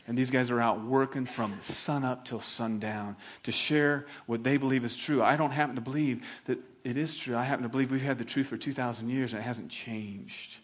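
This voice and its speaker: A middle-aged male pastor preaching a sermon, telling stories in an animated, laughing way. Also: medium pitch.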